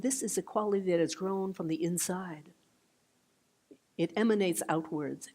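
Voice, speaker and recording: An older woman giving a meditation talk, gentle and unhurried, with soft trailing phrases and restarts. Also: fairly low pitch. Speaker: meditation teacher. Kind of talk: dharma talk. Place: meditation hall.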